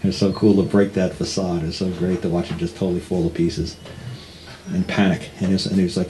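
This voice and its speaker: A man telling a story in a casual, animated way, acting out the dialogue and laughing often. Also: low-pitched, fairly quick, a little hiss or hum, rough recording.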